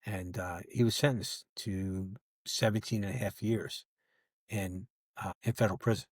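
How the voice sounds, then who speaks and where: A man's voice: deep voice, fairly even intonation, normal speed, husky, no room sound, studio quality. An older man, a retired federal agent, telling a long story in casual podcast talk and acting out both sides of old conversations. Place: podcast recording setup.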